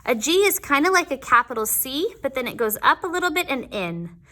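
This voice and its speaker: A woman teaching young children their letters in a patient, sing-song way, sounding out each letter slowly. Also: sits high, big pitch swings, pushed and bright. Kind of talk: teaching a children's alphabet lesson.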